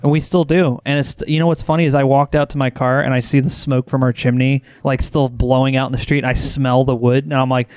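A man's voice: mid-range voice, little pitch movement, fairly quick, hardly any pauses, a little mellow, smooth, no room sound. A man telling wry, sweary anecdotes in a casual podcast chat.

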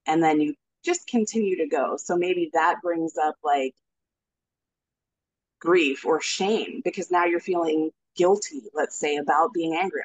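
A woman guest on a podcast, explaining a healing practice earnestly and gently, with many ums and restarts. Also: deep voice, lively intonation, measured pace, no echo, rough recording. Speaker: podcast guest, spiritual healer. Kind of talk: casual interview talk.

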